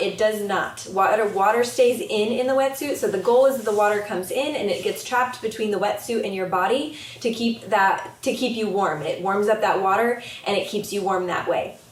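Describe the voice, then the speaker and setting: Young woman as paddleboard instructor, chatty and friendly, mid-pitch, recorded from afar with an echo. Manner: friendly, chatty explaining with frequent ums. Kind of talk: casual instructional video. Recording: echoey, distant from the camera mic.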